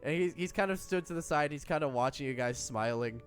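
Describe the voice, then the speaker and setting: A man's voice: on the high side, a little fast, soft background music. A man narrating as game master in a casual tabletop game, laughing often as he talks.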